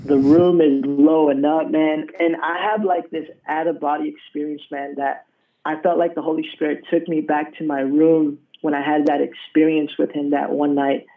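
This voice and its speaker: A man's voice: fairly high pitch, level tone, moderate pace, vocal fry. A man from Colorado telling his own story as a guest in a casual interview, laid-back and slangy. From Colorado, USA. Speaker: guest sharing a testimony. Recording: tinny phone-like sound, distant from mic.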